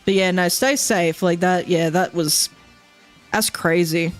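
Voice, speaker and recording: A woman's voice: fairly low pitch, steady tone, a little slow, soft background music. A woman streamer chatting casually while playing a game at home, rambling, swearing often and laughing a lot.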